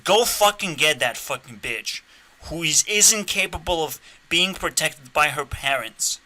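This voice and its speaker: Bright-voiced man ranting, slow and erratic. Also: fairly high pitch, animated. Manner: profane, erratic, swinging between shouting and muttering; trolling, laughing at his own provocations. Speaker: channel host. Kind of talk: unscripted rant to camera.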